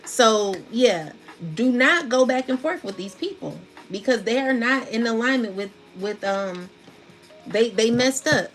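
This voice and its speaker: A woman's voice: a little high, lively intonation, measured pace, soft background music. A woman giving a casual spiritual tarot reading, talking in a chatty, slangy, laughing way. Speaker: tarot reader.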